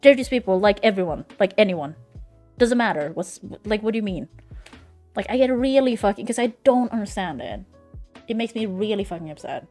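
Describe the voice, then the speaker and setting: A woman's voice: medium pitch, lively intonation, a little fast, darkish tone, faint music behind. A young woman from Sweden, streaming and chatting casually in a frank, swearing, run-on way. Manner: frank, swearing, venting in loose run-on sentences. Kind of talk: casual chat. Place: home streaming setup.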